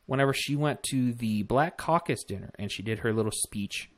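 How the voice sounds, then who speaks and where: A man's voice: medium pitch, moderate pace. A man hosting a casual political commentary vlog, talking bluntly with swearing and rambling asides. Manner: blunt, profane, rambling with fillers.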